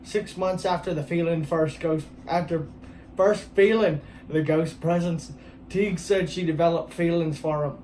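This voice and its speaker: A man's voice: fairly high pitch, steady tone, moderate pace, darkish tone, a little hiss or hum, poor audio. Laughing male podcast host reading news. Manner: laughs often, reads stories with jokey asides. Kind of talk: casual comedic chat, reading news aloud.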